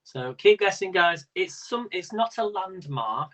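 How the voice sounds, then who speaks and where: Man, quiz host, chatty, rambling, slightly high voice, live stream. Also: expressive, measured pace, a bit bright, poor audio. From Britain. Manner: chatty and rambling, laughs often.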